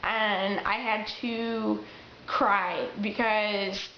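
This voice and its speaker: A woman's voice: mid-range voice, steady tone, drawn-out words, a little hiss or hum. Young woman, casual chatty vlogger; lo-fi camera audio in an echoey room. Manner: chatty, with restarts and acted-out quotes. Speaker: vlogger giving acting tips. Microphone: camera mic. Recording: roomy, dull lo-fi camera audio.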